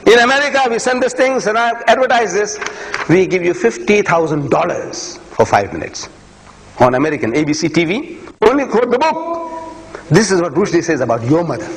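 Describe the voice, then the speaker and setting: A man's voice: fairly high pitch, a little hiss or hum. A man giving an impassioned public lecture, emphatic and repeating phrases for force. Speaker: speaker. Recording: echoey hall, faint ambience.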